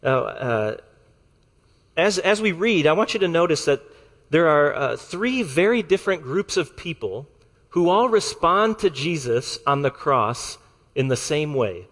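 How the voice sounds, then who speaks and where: Guy preaching a sermon, slightly high voice, slow and deliberate, big echoey church hall. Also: big pitch swings, a bit bright. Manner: measured, deliberate preaching with slowed emphasis. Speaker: pastor.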